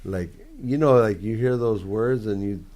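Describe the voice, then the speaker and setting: A man's voice: lowish voice, measured pace, mellow, dry recording. A man guest on a podcast, a photographer, telling stories in a laid-back, slangy, profane way. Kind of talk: casual storytelling on a podcast.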